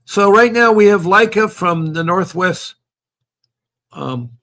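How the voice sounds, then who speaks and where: A man's voice: high-pitched, expressive, slow pace, pushed and bright. Chatty man hosting a call-in stream. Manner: chatty, repeats himself, talks straight to viewers. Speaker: host of a call-in livestream. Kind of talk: casual live-stream chat, reading viewer comments.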